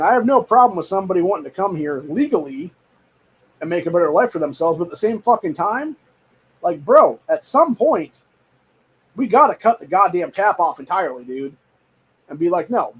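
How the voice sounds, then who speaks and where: A man's voice: high voice, sing-song, fairly quick, husky, low-quality recording. A man hosting a show, ranting in a heated, profane, rambling way and saying "dude" often. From United States. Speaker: show host. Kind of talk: casual political rant.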